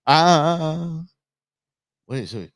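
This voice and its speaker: A man's voice: on the high side, lively intonation, very slow, fairly bright tone, no room sound, studio quality. A man hosting a live election-night stream, rambling through casual, jokey commentary with lots of restarts and asides. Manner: jokey, opinionated banter.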